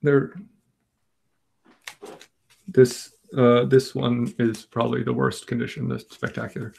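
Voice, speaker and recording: A man's voice: mid-range voice, flat delivery, measured pace, gravelly, darkish tone, breathy edge. A man hosting a casual live comic book auction, rambling and self-deprecating, joking as he goes. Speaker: comic shop auction host.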